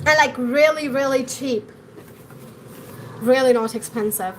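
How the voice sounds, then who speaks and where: A young woman with an Indian English accent and a high, bright voice, chatting eagerly and repeating herself as she teaches accents on a live stream. A light hiss sits faintly under her voice. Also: measured pace, long pauses.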